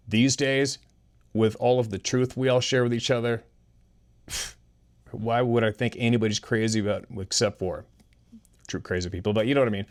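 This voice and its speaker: A man hosting a show, telling odd personal stories in a rambling way and chuckling as he talks to his listeners. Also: lowish voice. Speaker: host reading listener stories. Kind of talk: casual storytelling.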